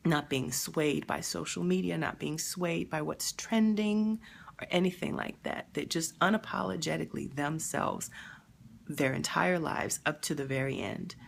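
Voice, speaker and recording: A woman hosting a live stream, talking emotionally and haltingly, sad and near tears, pausing to answer viewer comments. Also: on the low side, creaky, a little hiss or hum. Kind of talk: grieving live stream reaction.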